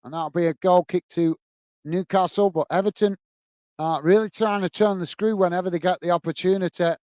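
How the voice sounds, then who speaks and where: During a football watch-along, a man narrates the play in a friendly way and talks with chat viewers as it unfolds. He speaks briskly in a high, darkish voice with fairly even intonation and no room sound.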